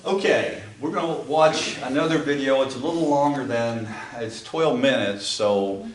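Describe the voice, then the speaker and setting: A man's voice: medium pitch, normal speed. A Southern man with an Appalachian accent lectures a class in a plain, folksy way, stopping for "uh" and restarting his sentences. He is recorded by a distant camera in an echoing empty classroom with faint background noise. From American South. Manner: folksy, with frequent uh fillers and restarts. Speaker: Bible class teacher. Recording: echoey room, camera far off, faint ambient noise.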